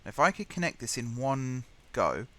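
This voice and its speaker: A man's voice: mid-range voice, sing-song, moderate pace, a bit bright. A man streaming live, muttering and thinking aloud as he plays, and easily exasperated. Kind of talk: live gameplay commentary.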